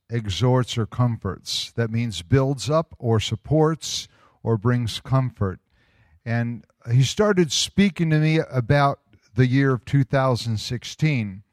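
A man giving a sermon as pastor, reading a prophetic word slowly and with emphasis, with casual asides in between. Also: medium pitch, a little mellow, no echo, studio quality. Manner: conversational asides with fillers.

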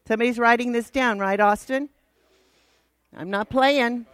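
A woman's voice: on the high side, moderate pace, pauses often, clear, resonant tone, dry recording. A woman Bible teacher giving a casual, teasing and direct church lesson to a worship team.

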